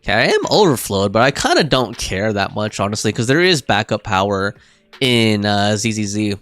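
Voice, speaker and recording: A man's voice: on the low side, big pitch swings, normal speed, a bit bright, no room sound, soft background music. A young man streaming a game live, chatting casually and rambling with fillers and restarts.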